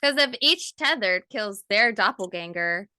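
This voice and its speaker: A woman's voice: medium pitch, animated, unhurried, bright, forceful tone, clear, resonant tone, no room sound. A woman co-hosting a casual movie review podcast, blunt and swearing casually as she animatedly retells scenes. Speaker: podcast co-host.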